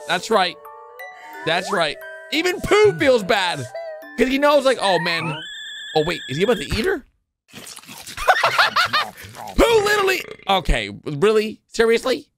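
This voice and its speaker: Excitable man yelping through a reaction. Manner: excitable, with sudden high yelps and frequent exclamations. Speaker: reaction video host.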